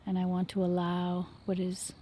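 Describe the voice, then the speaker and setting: A woman with a lowish voice and a completely flat delivery rambles reflectively at normal speed in a vlog, walking outdoors by a lake. She talks into the phone she's holding, soft-spoken and often dropping to a whisper, with a little hiss or hum in the recording.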